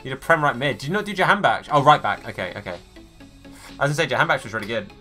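A man's voice: mid-range voice, expressive, rapid-fire, bright, forceful tone, soft background music. A man streaming a football video game, chatting casually with viewers and greeting them by name. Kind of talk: live gaming stream chat.

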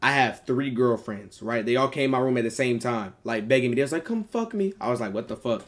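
A man's voice: mid-range voice, fairly even intonation, fast talker, fairly bright tone. A man streaming on a video chat app, chatting in a joking, slangy, profane way. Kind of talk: casual chat.

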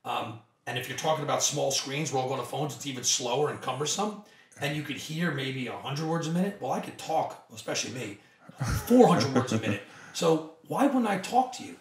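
A man's voice: mid-range voice, lively intonation, brisk, echoey room, distant mic. A man who is a company co-founder, speaking as a podcast guest with an emphatic, persuasive manner. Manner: emphatic, persuasive, acts out quoted dialogue. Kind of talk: energetic conversational interview.

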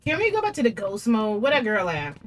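Lively high-voiced woman streaming a game. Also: fairly quick. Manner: chatty and animated, talks back to the game and friends. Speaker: streamer playing a horror shooter. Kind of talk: casual gameplay commentary.

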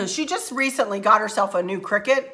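Chatty bright-voiced woman with a scratchy throat. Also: mid-range voice, animated, moderate pace. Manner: chatty, effusive and emotional, with frequent laughs. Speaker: craft channel host. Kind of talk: casual chat to camera. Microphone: handheld camera.

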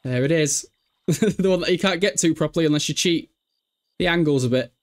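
A young man casually commenting on a life-sim game, laughing often and yelling at the characters. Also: on the high side, fairly quick. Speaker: streamer. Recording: faint music behind.

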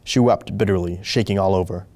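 A man reading a short story aloud as host, slow and deliberate with occasional small slips. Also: deep voice, darkish tone. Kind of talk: measured story narration.

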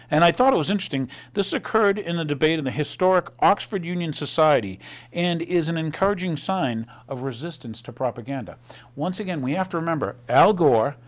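A male host delivers a news commentary monologue, sarcastic and full of rhetorical questions. His voice sits slightly high and swings lively in pitch.

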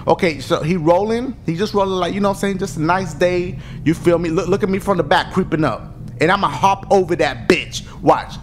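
A man giving loud, excited let's-play commentary, full of profane trash talk and yelling. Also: high-pitched, a little fast, background noise. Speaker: gaming commentator. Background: game music.

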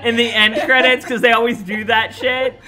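A woman's voice: a little high, steady tone, normal speed, loud music behind the voice. Giggly woman hosting a game stream. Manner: giggly, joking, profane. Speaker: stream host. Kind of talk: casual group chat on a game stream.

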